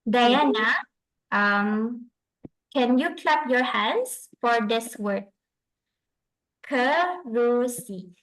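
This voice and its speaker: A young woman speech therapist giving an online presentation to parents over a video call, explaining steps slowly and mixing in Malay phrases. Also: on the high side, fairly bright tone, rough recording.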